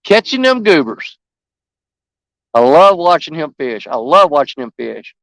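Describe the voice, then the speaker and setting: A man's voice: a little high, very animated, measured pace, fairly bright tone, no room sound, low-quality recording. A man chatting to live-stream viewers outdoors by a river, folksy and enthusiastic.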